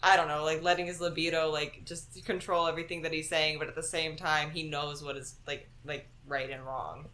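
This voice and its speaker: A woman's voice: sits low, level tone, brisk, hardly any pauses, fairly bright tone, poor audio. A young woman guesting on a film podcast, talking casually and hesitantly with many fillers. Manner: lots of "like", hesitant. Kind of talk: casual chat.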